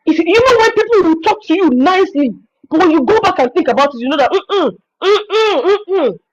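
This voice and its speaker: A high-pitched Nigerian woman leads an informal webinar, telling stories in an expressive, animated way. Her voice comes through a dull, lo-fi stream recording. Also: quick pace, a little hiss or hum. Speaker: virtual assistant trainer hosting a webinar. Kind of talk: informal teaching talk.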